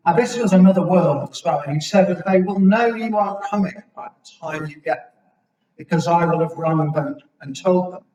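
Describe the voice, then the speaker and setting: A British man in his sixties speaks to a gathered audience, his slightly raised voice ringing through a chapel. He picks his way through his memories, halting on frequent ums. He stands back from the microphone, so the room's echo wraps around every phrase. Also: high-pitched, a little mellow. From Britain. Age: 60s. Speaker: guest speaker at a local history evening. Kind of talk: reminiscing public talk. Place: chapel hall. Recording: echoey chapel, mic at a distance.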